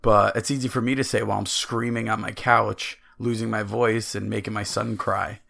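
A man co-hosting a sports podcast, telling stories in an excitable, animated way. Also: lowish voice, normal speed, creaky. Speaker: podcast co-host. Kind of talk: casual sports chat.

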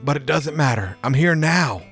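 A man's voice: a little high, expressive, normal speed, a bit bright, faint music behind, voice pushed up. A man reading aloud, voicing a menacing, manipulative ex-husband who taunts and sneers. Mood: scheming.

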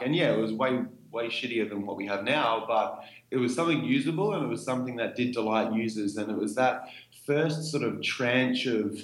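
A man's voice: medium pitch, reverberant, low-quality recording. A man, a startup co-founder, telling stories casually in an interview, laid-back and full of fillers.

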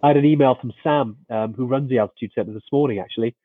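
A man's voice: mid-range voice, fast, dry recording, phone-quality sound. A man co-hosting a casual live-stream chat, friendly and laid-back.

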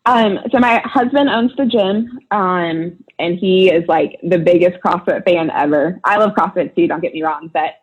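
A woman, a gym owner and athlete, chatting as an interview guest from her gym over a video call, upbeat and quick to laugh. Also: lowish voice, husky, muffled recording. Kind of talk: casual interview chat.

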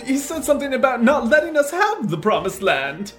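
A terrified, stammering executive who begs in a shrill falsetto, put on by a man. The voice leaps around in pitch as he pleads. Quiet music plays underneath. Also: big pitch swings, fairly quick, full character voice. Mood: frantic. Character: panicky cowardly male company executive.

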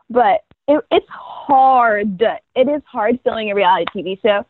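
A young woman from North Carolina chats as an interview guest, telling her story with lots of animation and acting out the voices of the people in it. Her voice sits a little high. The sound is dry and thin, like a phone line. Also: normal speed, few pauses, dry recording. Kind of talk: casual interview conversation.

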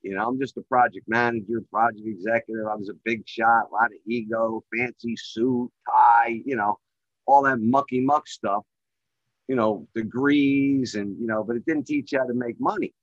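A middle-aged man telling his story as a guest on a call, rambling and full of filler phrases, getting louder and more excited at the high points. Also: moderate pace, no room sound, dull audio. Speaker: guest, real estate developer. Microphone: remote call microphone.

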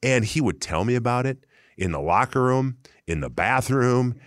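A middle-aged man, a former football lineman, telling relaxed, self-deprecating stories as a guest in a casual sports interview. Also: mid-range voice, moderate pace, dry recording, studio quality.

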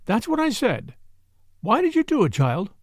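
A man voicing a nosy, bossy but kind middle-aged spinster in an audiobook reading, brisk and prying. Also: very high-pitched, wildly swooping pitch, no echo, studio quality, voice pushed up, heavily acted.

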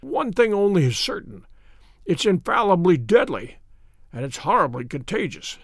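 A man doing a croaking, feverish sick detective. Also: high voice, big pitch swings, a bit bright, dry recording, studio quality, exaggerated voice. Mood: feverish commanding. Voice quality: croaking, feeble. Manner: slow, strained, commanding. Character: gravely ill male detective, feverish, imperious, commanding.

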